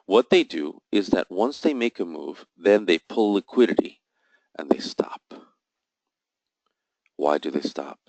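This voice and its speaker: A man with a very low voice leads a live trading lesson, recorded close and completely dry with no room sound. He explains each chart setup methodically, quizzing himself aloud and answering, and throws in emphatic, jokey asides. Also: very animated, moderate pace, few pauses, a little mellow, dry recording, low-quality recording. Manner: explains step by step, asks and answers his own questions. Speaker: trading instructor. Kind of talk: live trading session walkthrough.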